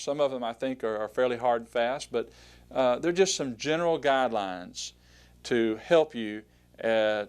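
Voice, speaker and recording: A man teaching a recorded language lesson, patient and methodical, with frequent "uh" and "all right" and pauses for the listener to repeat after him. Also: mid-range voice. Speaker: Greek instructor.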